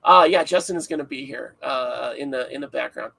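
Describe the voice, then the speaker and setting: A man's voice: mid-range voice, a little fast, gravelly, bright, forceful tone, breathy edge, rough recording. A man hosting a casual livestream podcast, rambling and joking with frequent laughs, sounding tired. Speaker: podcast host.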